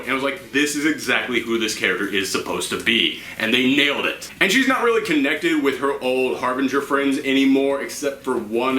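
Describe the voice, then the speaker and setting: A man's voice: mid-range voice, bright, forceful tone, reverberant. A man hosting an enthusiastic comic book review, acting out quoted lines in changing voices. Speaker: host.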